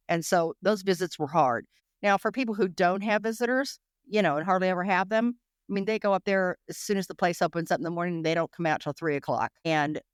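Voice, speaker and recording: Fast-talking woman recalling hard times. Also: fairly low pitch, no room sound, studio quality. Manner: rapid, emotional, full of restarts and "you know". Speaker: interview guest. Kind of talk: candid interview recollection.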